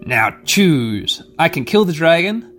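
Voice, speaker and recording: A man voicing an ancient, weary dragon, speaking slowly and gravely. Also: a little high, very animated, fairly bright tone, faint music behind, exaggerated voice. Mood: solemn.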